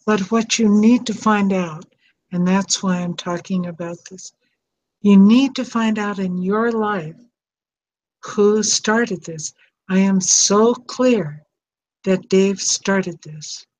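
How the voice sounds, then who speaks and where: Slow, earnest older woman. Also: mid-range voice, a little mellow, lo-fi sound. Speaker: host. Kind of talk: heartfelt advice talk.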